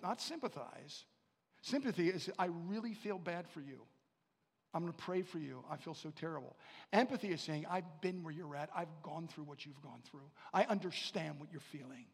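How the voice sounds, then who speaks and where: A high-pitched man preaches a sermon in a church hall, and his words trail off into a long reverb. He moves between quiet, intimate passages and loud, rising calls, and he repeats phrases to drive them home. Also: expressive, normal speed, creaky, slightly rough. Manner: swings from hushed to loud preaching. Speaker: pastor.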